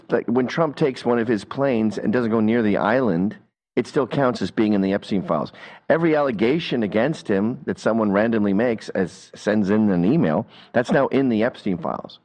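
A man hosting a reaction commentary, talking in an animated, mocking, opinionated way. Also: mid-range voice, moderate pace. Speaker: commentator host.

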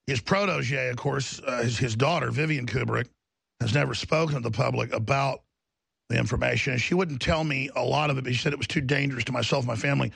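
A man's voice: medium pitch, fast talker, creaky, fairly bright tone, breathy edge, no echo. A man hosting a broadcast, delivering a fervent, ranting monologue with emphatic repetition. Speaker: talk show host.

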